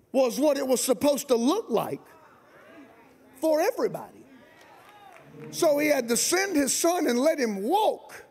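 A man preaching a fiery sermon as guest pastor, shouting and colloquial. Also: very high-pitched, vocal fry, breathy edge. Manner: shouting, colloquial, Southern-style preaching with rising emphasis. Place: large camp meeting venue.

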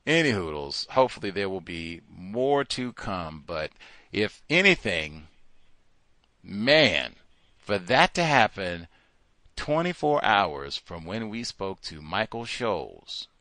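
A man hosting a call-in talk show, speaking in an animated, emphatic way and repeating words for stress. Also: low-pitched, slow pace, dry recording. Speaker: host. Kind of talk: call-in radio talk monologue.

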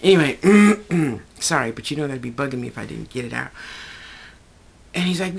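A woman casually recounting a dream in a chatty, digressive way, slipping into a higher voice to quote people. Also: expressive, normal speed, vocal fry, slightly rough. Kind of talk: casual rambling storytelling.

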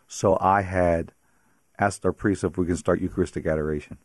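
A man's voice: low-pitched, fairly even intonation, normal speed, no room sound, studio quality. A man from the Pittsburgh area, a priest, telling his personal faith story as a radio interview guest, chatty and often laughing.

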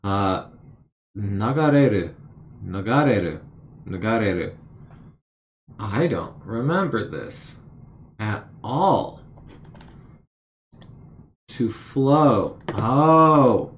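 A man vlogging his study session casually, thinking aloud and slowly repeating words as he tries to recall them, with self-deprecating asides. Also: mid-range voice, slight background noise. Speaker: language learner vlogger.

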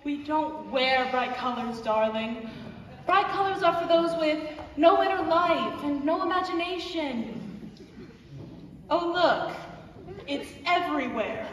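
A woman's voice: high voice, slow, long pauses, fairly bright tone, dull audio. A woman playing stately gothic mother Morticia. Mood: disapproving. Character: elegant, cool gothic mother. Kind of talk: stage musical performance. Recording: echoey hall from far off with noise.

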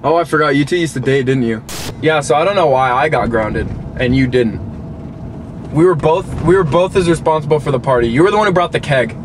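A young man in a car giving his dog a deadpan, mock-betrayed scolding, as if she were a person. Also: a little high, fairly quick. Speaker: dog owner. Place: inside a parked car. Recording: noisy car interior.

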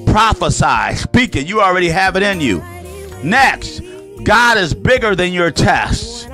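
A man with a Southern US accent, a pastor delivering a radio sermon in an animated, sing-song preaching cadence. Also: high voice, measured pace, faint music behind.

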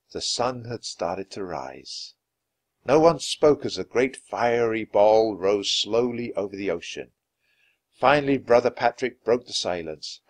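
A man reading a children's chapter book aloud in an expressive, lively way. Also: lowish voice. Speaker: storybook reader. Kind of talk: children's story read-aloud.

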